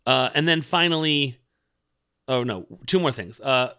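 Bright-voiced chatty man. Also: medium pitch, a little slow, clean tone. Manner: chatty, rambling, filler-heavy. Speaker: podcast co-host. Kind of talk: casual chat recapping a TV episode.

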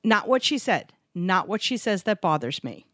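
A woman co-hosting a podcast about couples in business, talking in an animated, emphatic way and sometimes acting out other voices. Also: mid-range voice, normal speed, dry recording, studio quality. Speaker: podcast co-host. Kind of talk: casual chat. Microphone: podcast microphone.

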